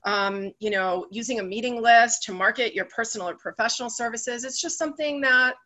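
A woman speaking earnestly at an online recovery meeting, conversational, with many fillers and pauses. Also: on the high side, bright, forceful tone. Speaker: member sharing at a recovery meeting. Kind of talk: personal share on a video call. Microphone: video call.

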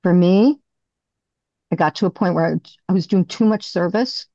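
A middle-aged woman giving a candid, halting personal recovery share as a speaker. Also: on the low side, dark tone, no echo, muffled recording.

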